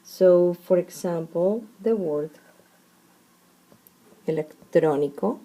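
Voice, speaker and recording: Woman teacher, lowish warm voice, unhurried, breaks words into syllables for students. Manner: deliberate, spells out syllables one at a time. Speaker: Spanish teacher. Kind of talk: explaining a lesson step by step.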